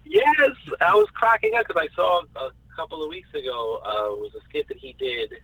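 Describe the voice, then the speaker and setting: Lively, husky-voiced man chatting. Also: a little high, a little fast, dry recording, rough recording. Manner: enthusiastic, repeats words while searching. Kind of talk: casual chat.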